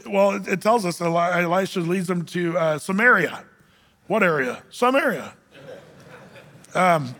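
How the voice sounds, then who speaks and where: A man delivers a sermon in a large, echoing hall. His voice sits high and bright, and he tells the scripture story with animated energy, slipping into little voices for the characters. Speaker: pastor.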